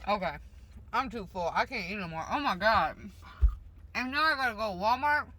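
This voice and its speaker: A woman's voice: medium pitch, expressive, moderate pace, sharp tone. A woman vlogger rambling casually while she eats in her car, talking with her mouth full, blunt and a little self-conscious. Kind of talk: casual rambling mukbang chat. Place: parked car.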